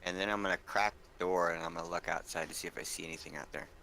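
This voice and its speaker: A man's voice: deep voice, fairly even intonation, rapid-fire, gravelly, a little hiss or hum. A man playing a tabletop game, laying out his character's actions step by step. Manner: plans actions out loud, step by step. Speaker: player.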